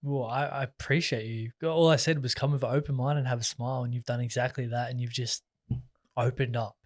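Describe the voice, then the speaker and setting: A man hosts a podcast in a mid-pitched voice. He is appreciative and encouraging toward his guest and asks open, easygoing questions. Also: steady tone, a little fast. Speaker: podcast host. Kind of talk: casual interview chat.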